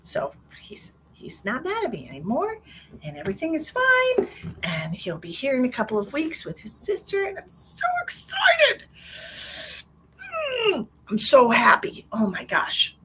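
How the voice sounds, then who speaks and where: A woman's voice: on the high side, wildly swooping pitch, normal speed, background noise. A middle-aged woman hosting a live stream as a psychic medium, chatting in a rambling, bubbly way and laughing often. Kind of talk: casual live-stream chat.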